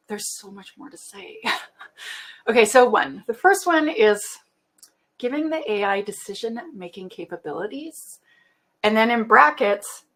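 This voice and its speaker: A woman's voice: medium pitch, gravelly, a bit bright. A Canadian woman presenting a webinar in a chatty, casual way, laughing often and using lots of fillers.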